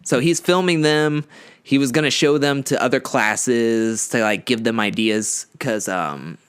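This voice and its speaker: A man's voice: mid-range voice, unhurried, clean tone, no room sound. A young man co-hosting a podcast, telling a story in casual, rambling chat, full of "like" and fumbled words. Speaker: podcast co-host.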